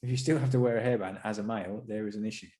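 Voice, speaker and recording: A man's voice: on the low side, fairly even intonation, very fast, mellow. Laid-back, teasing man co-host. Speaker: podcast co-host. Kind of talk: casual chat.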